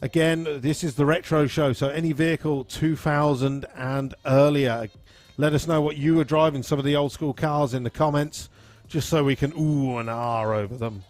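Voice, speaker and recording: A man, hosting a live stream in an easygoing, rambling way and reading out viewer comments and shout-outs. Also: a little high, steady tone, normal speed. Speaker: live-stream host at a drag racing venue.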